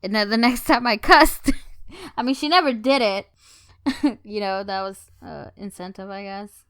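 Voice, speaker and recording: A woman co-hosting a comedy podcast, chatting casually with wry, deadpan asides. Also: mid-range voice, unhurried, dry recording, clean studio sound. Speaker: podcast co-host.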